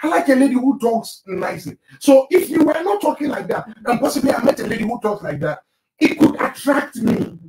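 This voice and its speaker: High-voiced emphatic male pastor. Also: very animated, fast talker, few pauses, very noisy. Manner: emphatic, preachy, addresses listeners directly. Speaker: pastor and marriage show host. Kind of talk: live broadcast marriage teaching. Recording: roomy, distant mic.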